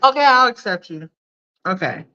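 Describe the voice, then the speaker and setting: A woman with children chatting casually to viewers on a live stream, animated and blunt, laughing often and using slang. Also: mid-range voice, normal speed. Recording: dull lo-fi sound.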